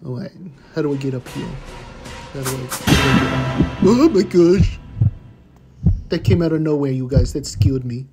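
A man voicing a cheerful, eager pitbull puppy, commenting on gameplay with excitable gasps and goofy puns. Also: medium pitch, measured pace, over loud music, lightly acted. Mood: excited. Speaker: game commentator.

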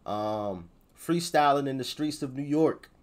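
A man's voice: mid-range voice, lively intonation, unhurried. A man hosting a reaction video, talking casually in a joking, slangy way.

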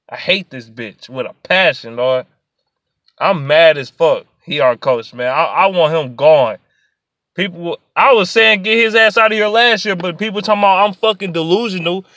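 A man delivering an angry, profane sports rant in a vlog, sliding between low muttering and sudden shouts. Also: no echo. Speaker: sports vlogger.

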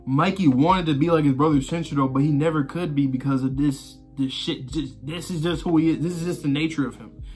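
Rambling, higher-voiced man reacting to manga. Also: brisk, darkish tone, faint music behind. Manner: rambling, conversational, swears freely, many fillers. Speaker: manga reaction channel host. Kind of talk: casual manga read-through reaction.

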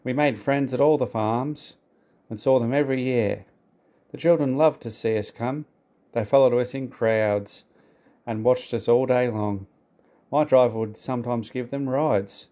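A man voicing a sad, proud old male traction engine who speaks gently and simply. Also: medium pitch, unhurried, close to an everyday voice. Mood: wistful.

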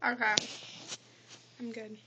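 A woman's voice: on the high side, flat delivery, slow pace, sharp tone, lo-fi sound, a little hiss or hum. A young woman vlogging a dare, giggly and squeamish in casual chat.

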